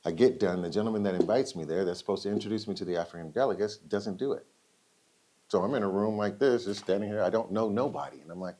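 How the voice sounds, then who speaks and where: A man giving a storytelling speech at a roundtable event, acting out quoted dialogue with lively shifts. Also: fairly low pitch, fast talker. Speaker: speaker at a roundtable.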